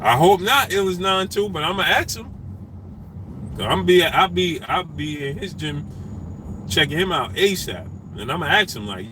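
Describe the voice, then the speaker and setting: A man hosting a boxing talk stream, repeating himself emphatically and shouting out viewers by name. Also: a little high, normal speed, slight background noise, low-quality recording. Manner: animated, repetitive, emphatic street talk. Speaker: boxing talk show host.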